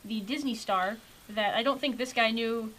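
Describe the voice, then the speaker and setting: A woman's voice: on the high side, normal speed, a bit bright, slight background noise, poor audio. A woman co-hosting a movie podcast in casual chat, steering the segments and murmuring agreement. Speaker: podcast co-host.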